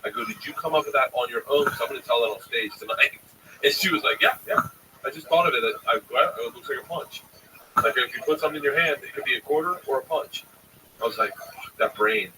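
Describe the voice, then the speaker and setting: Very bright-toned profane storyteller man. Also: medium pitch, fast. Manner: profane, animated storyteller who acts out quotes. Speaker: comedian. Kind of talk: casual storytelling chat. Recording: distant mic, faint background noise.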